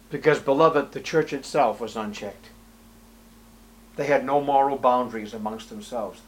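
A man preaching an expository sermon, reading scripture aloud in old wording and firing rhetorical questions, his voice swinging from loud to hushed. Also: mid-range voice, normal speed, slight background noise. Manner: reads scripture aloud in King James wording.

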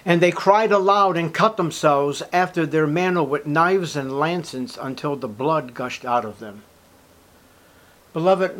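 Preacher guy, highish voice, dramatic sermon, gets loud and sarcastic. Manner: dramatic, rising to loud emphatic bursts; sarcastic, rhetorical questions. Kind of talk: expository sermon.

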